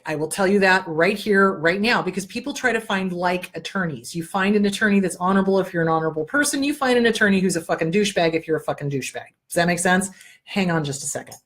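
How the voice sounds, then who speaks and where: A woman's voice: mid-range voice, expressive, a little fast. A woman hosting an advice talk show, speaking bluntly and emphatically, swearing freely and repeating words for emphasis. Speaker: host.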